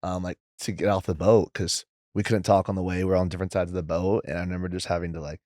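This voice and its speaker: Low-voiced young man, rambling chat. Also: fast talker, dry recording, clean studio sound. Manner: rambling, heavy use of "like", quotes others in lively voices. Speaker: guest. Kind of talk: casual interview chat.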